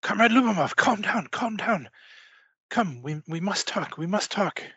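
A man's voice: sits high, expressive, unhurried, pushed and bright, breathy edge, dry recording, muffled recording, voice pushed up, full character voice. A man voicing a frantic male aide with a briefcase, pleading and urgent.

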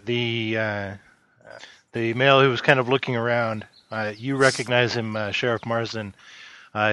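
A man's voice: medium pitch, fairly bright tone, clear, resonant tone, muffled recording. A man narrating as game master, hesitant and full of fillers as he describes the scene. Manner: halting, full of fillers and restarts.

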